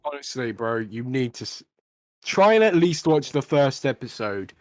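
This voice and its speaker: A man's voice: medium pitch, sing-song, normal speed, darkish tone, no room sound. A young man co-hosting a casual podcast, ranting bluntly with plenty of swearing. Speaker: podcast co-host.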